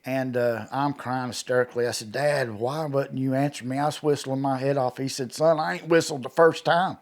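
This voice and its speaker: A man with a drawl tells a frightening story from his own life at a middling pitch. He retells it vividly, stumbling over restarts and acting out the quotes. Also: fairly even intonation, a little fast. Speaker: eyewitness guest. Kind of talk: telling a personal encounter story.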